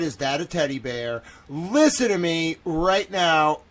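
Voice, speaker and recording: Man streaming live, slightly high voice, slow delivery, profane, jumps from muttering to shouting. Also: big pitch swings. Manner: profane, exclaiming, swings between mutters and outbursts.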